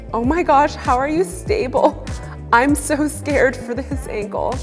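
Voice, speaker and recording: A woman hosting a casual reaction video, animated and quick to exclaim and laugh. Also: high-pitched, long reverb tail. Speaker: pointe shoe fitter and channel host.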